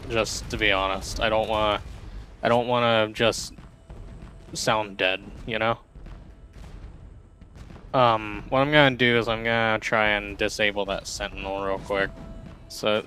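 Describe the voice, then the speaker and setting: A man streams a pirate game and chats casually, rambling and often laughing at himself in self-deprecating commentary. His voice is on the low side with a fairly bright tone, and there is a little hiss or hum.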